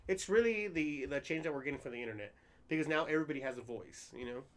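A man's voice: a little high, lively intonation, quick pace, a bit bright. A man in casual conversation who talks enthusiastically, swears freely and says he is from New Jersey. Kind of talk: casual chat.

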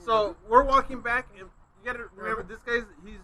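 A man casually telling a profane, animated story among friends, acting out what others said. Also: extremely high pitch, fairly quick, rough recording. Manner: profane, animated, acts out quotes. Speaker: podcast co-host telling a story.

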